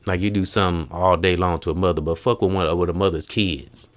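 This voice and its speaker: Laid-back man with a low voice. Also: brisk. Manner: animated storytelling, acts out quotes. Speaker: podcast host. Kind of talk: casual podcast conversation.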